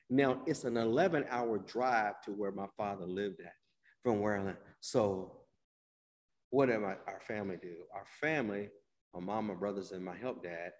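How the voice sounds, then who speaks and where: Man preaching with hushed-to-loud swings. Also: fairly low pitch. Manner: drawn-out, repeated phrases, addresses listeners by name. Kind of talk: sermon. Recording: long hall reverb.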